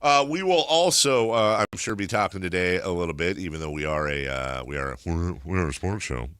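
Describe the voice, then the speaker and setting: A man's voice: sits low, a little fast, smooth, dry recording, clean studio sound. A man hosting a sports radio show, telling rambling stories in casual on-air banter. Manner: rambling, animated storytelling. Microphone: studio microphone.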